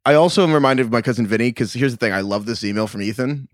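A man hosting a casual podcast chat, steering segments and telling stories with quick enthusiasm. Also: medium pitch, dry recording, clean studio sound. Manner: animated, quick storyteller who leads segments. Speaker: podcast host.

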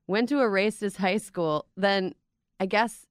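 A woman's voice: medium pitch, a little slow, smooth, no echo, studio quality. A young adult woman hosting a podcast panel, chatting casually and rambling with restarts. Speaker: podcast host.

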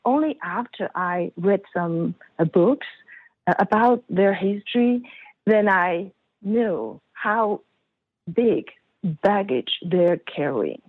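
A woman's voice: mid-range voice, expressive, slow, dry recording. Hesitant woman on a phone line. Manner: hesitant, many fillers. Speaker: guest. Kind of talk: interview conversation.

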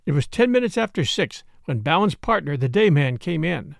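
A man narrating a classic story as an audiobook, in a measured storytelling manner. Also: on the high side, very animated, creaky, no echo, clean studio sound.

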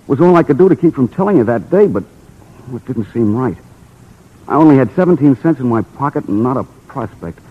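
An earnest poor young playwright. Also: male voice, medium pitch, lively intonation, fairly quick, husky. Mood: pleading. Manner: earnest, pleading. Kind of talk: 1940s radio drama acting. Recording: lo-fi old radio broadcast with hiss.

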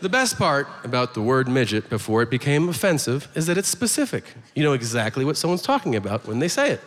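A male stand-up comedian ranting through his routine and acting out little exchanges in quick put-on voices, recorded live in a comedy venue. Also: medium pitch, big pitch swings. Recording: live stage recording, hall reverb, audience noise.

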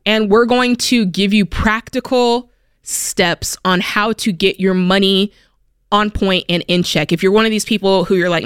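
Energetic woman radio host, smooth clear voice. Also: normal speed, dry recording, clean studio sound. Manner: energetic, animated, acts out quotes in a higher voice. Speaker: radio money show host. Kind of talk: upbeat motivational radio talk.

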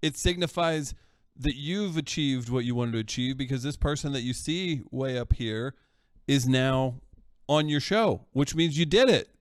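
A man's voice: medium pitch, moderate pace, clean tone, no echo, clean studio sound. A man co-hosting a casual talk show, answering with support and agreement. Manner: supportive, affirming responses. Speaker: podcast co-host. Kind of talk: casual podcast chat.

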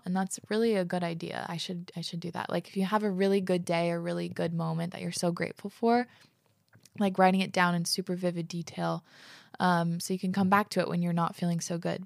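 A woman's voice: lowish voice, creaky, darkish tone, dry recording, studio quality. A woman hosting a podcast, chatting casually and reading listener letters aloud, gushing and saying "like" often. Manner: gushing, fills speech with "like". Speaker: podcast host.

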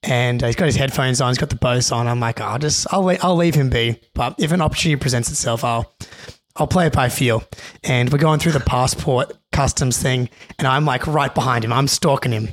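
A young man, a podcast co-host, telling a story in an animated, excitable way with many restarts. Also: mid-range voice, brisk. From Australia. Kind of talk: casual storytelling.

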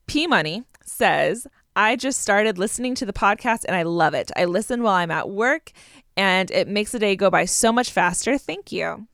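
A woman co-hosting a casual podcast, reading listener messages aloud in a relaxed, chatty way. Her voice sits at an ordinary middle pitch. The sound is dry and close, with no room around it. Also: normal speed, no echo. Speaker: podcast co-host. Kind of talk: casual chat.

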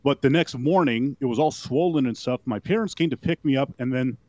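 A man's voice: mid-range voice, brisk, mellow. A male radio co-host telling a rambling personal anecdote in a casual, chatty way. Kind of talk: casual storytelling on talk radio.

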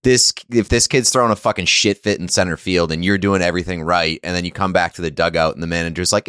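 A man's voice: on the low side, animated, brisk, a bit bright, no echo, clean studio sound. A man co-hosting a casual sports podcast, opinionated and saying "like" often, swearing at times. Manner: opinionated, says "like" a lot, swears. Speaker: podcast co-host.

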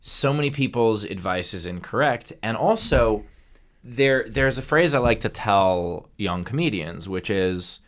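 A man interviewing a guest, speaking in a measured way and offering advice. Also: lowish voice, expressive, fairly bright tone. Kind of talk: casual interview chat.

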